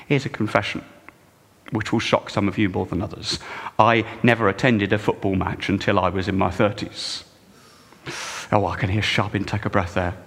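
A male pastor preaching a sermon with wry, expressive delivery that swings from hushed to emphatic. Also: fairly low pitch, moderate pace, slightly rough, long reverb tail.

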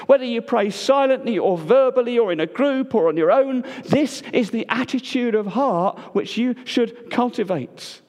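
A man preaching a sermon, moving between emphatic lines and hushed, quiet passages. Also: expressive, normal speed, few pauses. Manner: swings between loud emphatic and hushed low delivery. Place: church. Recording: long church reverb.

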